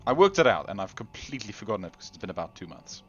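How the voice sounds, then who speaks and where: Low-pitched, animated male gaming host; rambling, self-deprecating commentary straight to the viewer. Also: rapid-fire, muffled recording, faint music behind. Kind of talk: casual gameplay commentary.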